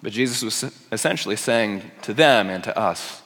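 A man preaching a sermon, moving from hushed, quiet passages to impassioned, rising ones. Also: lowish voice, expressive, moderate pace, few pauses. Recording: long hall reverb.

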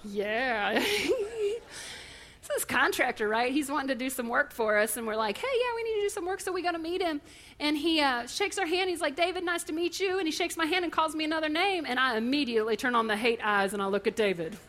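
Woman preacher, high ringing voice, lively storyteller. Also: fairly quick. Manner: animated, storytelling, impassioned. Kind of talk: sermon.

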